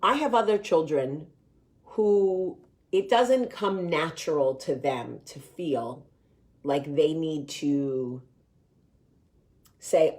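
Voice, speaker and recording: Low-voiced, chatty woman host. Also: slow pace, long pauses. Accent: New Jersey. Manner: animated, chatty, swears freely, laughs at own stories. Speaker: show host. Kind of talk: casual storytelling chat.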